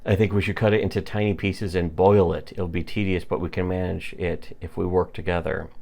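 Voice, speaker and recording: A man voicing a calm, cold-blooded young man from a comic, read in a flat, matter-of-fact way. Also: low-pitched, fairly quick, creaky.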